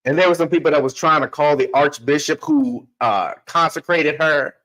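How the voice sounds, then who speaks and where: Podcast guy telling his story, kinda high voice, repeats himself for emphasis, talks right at you. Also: lively intonation, moderate pace, fairly bright tone, poor audio. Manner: emphatic, repeats phrases, talks straight to listeners. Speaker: podcast host. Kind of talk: storytelling monologue.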